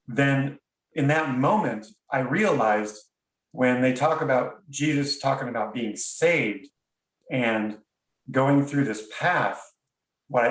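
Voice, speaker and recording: A man, a podcast guest, tells a personal story in an earnest, reflective way, often stopping and restarting his sentences. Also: medium pitch. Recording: roomy sound, distant from mic.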